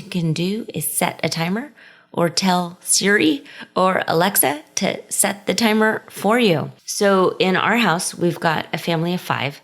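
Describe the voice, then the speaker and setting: Woman podcast host, upbeat coach vibe, kinda low voice, pumps up the listeners. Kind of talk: upbeat motivational podcast talk.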